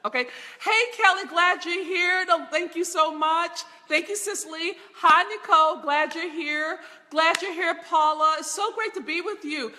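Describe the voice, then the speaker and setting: A woman's voice: very high voice, normal speed, pushed and bright, in a large hall. A middle-aged woman hosting a live stream as a business mentor, laughing often and greeting viewers by name from a large room in her home. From Baltimore.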